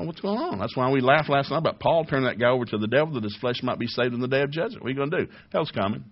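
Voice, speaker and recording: A man's voice: mid-range voice, husky, highs cut off. A man preaching a folksy, humorous sermon, firing off rhetorical questions, chuckling, and acting out little dialogues. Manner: plays out little dialogues, raising his voice for the voices of others.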